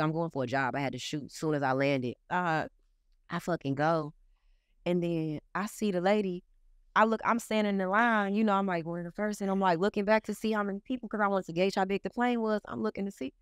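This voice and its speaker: Young woman, animated storyteller, profane, smooth clear voice. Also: no echo, clean studio sound. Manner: animated, profane, swings into high excited outbursts. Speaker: guest artist. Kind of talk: casual storytelling in an interview.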